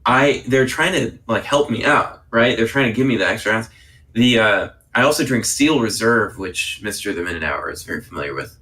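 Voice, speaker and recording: A man's voice: on the low side, lively intonation, fairly quick, sharp tone. A man co-hosting a stream who is a bit drunk and rambles with laughter. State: tipsy. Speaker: regular co-host.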